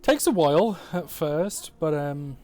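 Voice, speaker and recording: English West Midlands man, game master, casual swearer, rambling, higher register. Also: big pitch swings, unhurried, darkish tone. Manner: swearing, laid-back, rambling. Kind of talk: narrating a tabletop game online. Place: home, online session.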